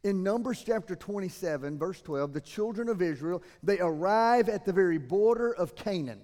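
A man, preaching a sermon as pastor in a church, moving between loud emphatic passages and quiet, earnest asides. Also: high voice, expressive, normal speed, hardly any pauses. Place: church sanctuary. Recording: long hall reverb.

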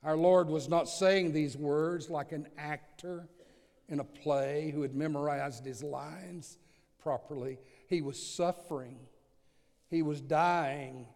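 A man preaching a sermon, slow and earnest, with dramatic swings from soft to loud. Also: fairly high pitch. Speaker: pastor. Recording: long hall reverb.

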